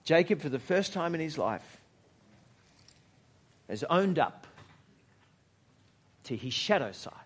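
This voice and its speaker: Male pastor, high-ish voice, reflective sermon delivery with dramatic pauses and soft near-whispered lines. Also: very animated, slightly rough. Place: church service.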